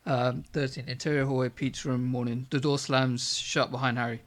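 A man reading his comedy script aloud in a low, hesitant voice with many fillers, then chatting about it. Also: little pitch movement, moderate pace.

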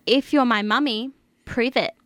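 A woman's voice: fairly high pitch, a little slow, fairly bright tone, no echo. A woman playing a flustered player in a scripted comedy sketch. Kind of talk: scripted comedy role-play.

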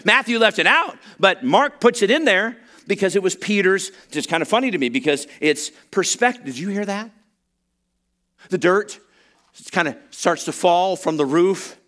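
During his sermon, a high-voiced pastor animatedly tells a story at a moderate pace, playing each character's voice and adding funny asides along the way.

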